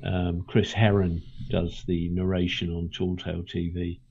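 A British man with a lowish, husky voice talks in a loose, rambling way, stopping and restarting his thoughts. The sound is dull and a bit lo-fi, like a remote call. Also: flat delivery, a little slow, darkish tone. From Britain. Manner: rambling, self-correcting, with many ums and restarts. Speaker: author and podcast guest. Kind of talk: casual chat.

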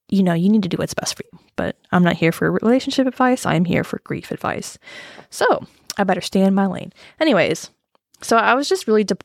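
A woman's voice: on the low side, gravelly, dry recording. A young woman chatting casually and confessionally, rambling and self-deprecating with nervous laughs, and choked up close to tears at times. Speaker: vlogger talking about grief.

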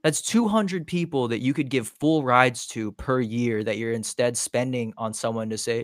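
A man's voice: medium pitch, moderate pace, hardly any pauses, dry recording, studio quality. A man co-hosting a podcast, ranting in frustration, swearing and tripping over restarts. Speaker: podcast co-host. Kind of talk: casual podcast rant.

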